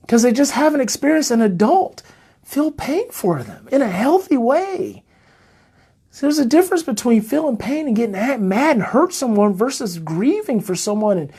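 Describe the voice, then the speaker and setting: A man hosting a heartfelt talk for parents, his voice husky with a breathy edge. He speaks with open emotion and repeats lines for weight. He often eases into a gentle, soothing tone. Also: extremely high pitch. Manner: emotional, earnest, repeats phrases, turns soft and soothing. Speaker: parenting coach and show host.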